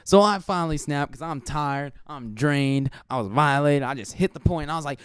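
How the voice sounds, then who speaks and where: A young man hosting a podcast, telling a story in an animated, crude, joking way and laughing often. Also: on the high side, normal speed, few pauses, smooth, no echo, clean studio sound. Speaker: podcast host. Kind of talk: casual storytelling.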